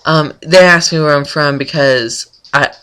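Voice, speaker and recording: Chatty woman blogger, bright voice. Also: sits low, unhurried, clear, resonant tone. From North Florida, US. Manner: chatty, rambling, frequent ums. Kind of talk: casual vlog chat.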